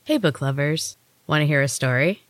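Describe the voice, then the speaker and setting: A woman's voice: low-pitched, expressive, normal speed, soft background music. A woman hosting a story podcast, greeting listeners in a friendly, direct way. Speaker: podcast host. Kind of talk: podcast introduction.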